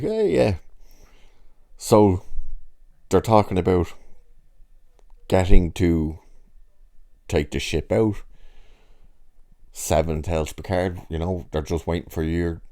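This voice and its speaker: A man's voice: rumbling low, warm tone. A man casually retelling a TV episode, rambling and acting out the characters' lines as he goes. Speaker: reviewer.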